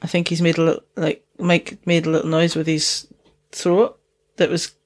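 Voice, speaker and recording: A woman's voice: deep voice, monotone, normal speed. A woman with a Dundee Scottish accent, tinged with Geordie, co-hosting a casual chat podcast and laughing often. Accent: Dundee Scottish with Geordie mix. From Scotland. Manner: laughs often, chatty and swearing. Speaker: podcast co-host.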